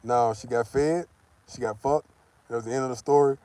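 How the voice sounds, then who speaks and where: Profane, animated male storyteller. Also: medium pitch, brisk, dry recording. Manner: profane, animated, acts out the people he quotes. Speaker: vlogger. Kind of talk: casual storytelling.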